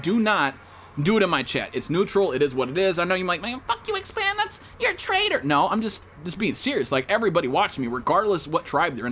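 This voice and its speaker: A young man with a high, light voice hosts a live game stream, swearing freely, teasing friends and rattling off greetings to chat. A faint hiss sits under his voice. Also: a bit bright. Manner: profane, joking and rambling, greets chat viewers.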